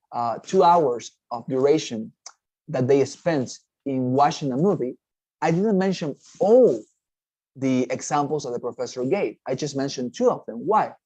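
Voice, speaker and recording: In a rough recording with no room sound, a man speaks in a medium-pitched, mellow voice. He's a TOEFL teacher giving a recorded test-prep lecture, explaining step by step while often checking in with "okay?" and restarting phrases.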